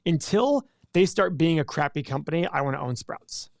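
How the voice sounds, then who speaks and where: A man's voice: fairly high pitch, lively intonation, normal speed, creaky, no echo, studio quality. A man hosting a casual investing livestream, chatting and joking with viewers and often restarting his sentences. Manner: chatty, jokey, self-interrupting. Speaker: livestream host.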